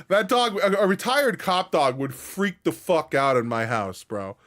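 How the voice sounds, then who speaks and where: Young male streamer, rambling and slangy, higher voice with very lively swings. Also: slow. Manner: rambling, laid-back, slangy and animated. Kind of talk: casual live-stream chat.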